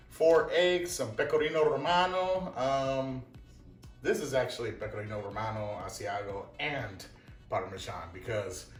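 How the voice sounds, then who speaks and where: A man hosts a relaxed home cooking show, full of self-mocking asides and frequent laughter. His pitch swings about lively as he talks. The voice is caught from some distance in an echoey kitchen with faint music under it. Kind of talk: casual cooking chat. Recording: roomy kitchen echo, mic far off.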